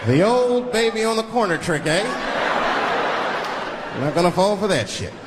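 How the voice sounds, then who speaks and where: A man's voice: high-pitched, animated, normal speed. A man doing stand-up storytelling on stage, acting out the voices in his stories. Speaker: stand-up comedian. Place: comedy stage before a live audience. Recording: live show with loud crowd and noise. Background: loud audience laughter.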